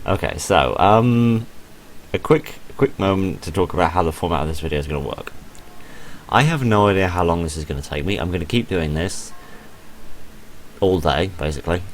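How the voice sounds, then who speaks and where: The gaming host speaks at an extremely low pitch, with a little hiss or hum present. Tired and half asleep by his own account, he keeps up loose, chatty commentary laced with self-mocking remarks.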